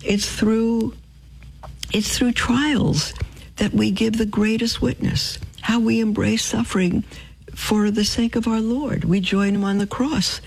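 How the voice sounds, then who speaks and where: An older woman hosting Catholic radio, telling faith stories with lively whispered emphasis. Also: a little high, slow, creaky, husky, poor audio. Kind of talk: storytelling appeal on radio.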